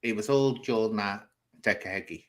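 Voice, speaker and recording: A man's voice: fairly low pitch, normal speed. A man hosting a casual chat show, telling an anecdote in a theatrical, chatty way and laughing as he goes. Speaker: host.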